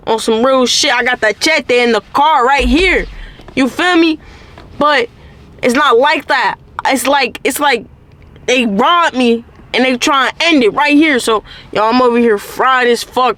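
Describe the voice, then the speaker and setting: A woman's voice: on the high side, a bit bright. Slangy woman telling a story. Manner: slangy, profane, constant "like" fillers. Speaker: channel host. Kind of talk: casual story-time monologue.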